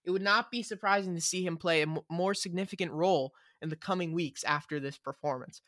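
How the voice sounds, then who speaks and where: A man's voice: sits high, fairly quick, a bit bright, no room sound, studio quality. A young man co-hosting a casual podcast, teasing his friends as he reads out player ratings.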